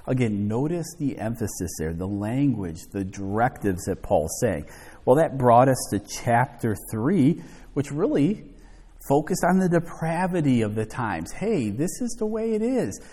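A man's voice fills a reverberant sanctuary as he preaches at an unhurried pace. His delivery swings from low to high to drive each point home. The tone is mellow and a little husky. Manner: slow, emphatic reading with lively rises and falls. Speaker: pastor. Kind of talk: expository sermon with scripture reading. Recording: long hall reverb.

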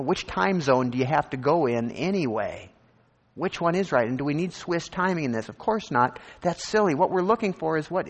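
A man preaching a sermon, animated and conversational, acting out scripture verses and imagined voices. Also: medium pitch, big-room sound. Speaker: pastor.

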